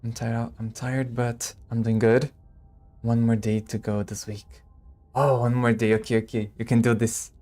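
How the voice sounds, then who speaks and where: A male streamer chatting casually with his viewers while he plays, talking low, quiet and gravelly, and laughing often. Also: level tone, faint music behind. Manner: speaks low and quiet, gravelly, like a movie vigilante; slow, laughs often, talks to chat. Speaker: streamer playing a game. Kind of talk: casual live-stream chat.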